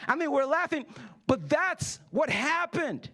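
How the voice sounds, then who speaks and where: A man's voice: extremely high pitch, lively intonation, slow, long pauses, bright, forceful tone. A man in his thirties preaching a sermon in church, joking with the congregation and acting out the people in his stories. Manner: playful, jokey preaching with acted-out quotes. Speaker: pastor. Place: church hall.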